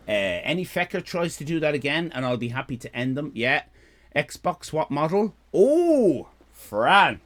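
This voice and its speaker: A man's voice: on the high side, sing-song, a little slow, fairly bright tone. A man in his fifties with an Irish accent, chatting casually on a live stream, rambling, repeating himself and joking with his chat. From Ireland. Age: 50s.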